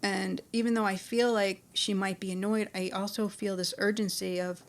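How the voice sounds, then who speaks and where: A woman in middle age speaks at an ordinary pitch with a noticeable rough fry in her voice. She tells a personal spiritual story in a loose, chatty way, full of fillers and restarts. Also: flat delivery, moderate pace. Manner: conversational, many restarts and fillers.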